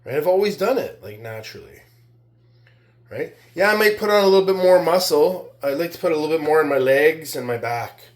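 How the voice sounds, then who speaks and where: A man's voice: fairly high pitch, lively intonation, brisk, echoey room. A man in a casual vlog rant, boastful and taunting, who keeps tagging his sentences with "right?" and "man". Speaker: weightlifting vlogger.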